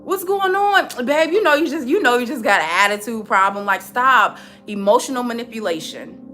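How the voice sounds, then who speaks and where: A woman's voice: fairly high pitch, expressive, moderate pace, pushed and bright, soft background music. A woman mimicking a defensive, lying young ex-boyfriend who whines and plays innocent. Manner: whiny, evasive, feigning innocence.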